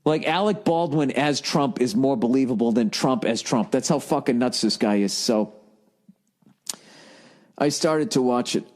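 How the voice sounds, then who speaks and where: A man's voice: medium pitch, a little slow, a little mellow. A man hosting a podcast, ranting in an exasperated, profane monologue while jet lagged. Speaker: podcast host.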